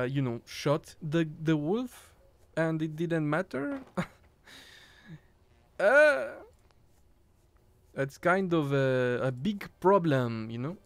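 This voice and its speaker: Smooth-voiced man rambling over a game. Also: on the high side, no echo. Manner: casual, rambling, swears and jokes about his losses. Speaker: game streamer. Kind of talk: let's play commentary.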